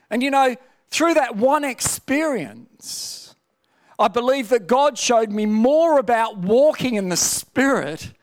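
A man preaching a sermon, telling a personal testimony with rhetorical questions and frequent restarts. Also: very high voice.

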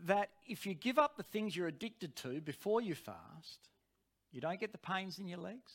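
High-voiced preacher. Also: male voice, very animated, normal speed, fairly bright tone. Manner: earnest, personal storytelling. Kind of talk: sermon.

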